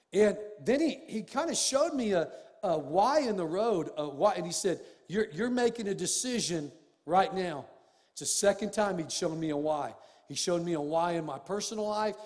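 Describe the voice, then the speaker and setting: High-voiced preacher in a reverberant hall. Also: male voice. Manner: storytelling preacher, rising to emphatic shouts. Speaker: pastor. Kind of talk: sermon. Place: church sanctuary. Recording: long reverb of a church hall.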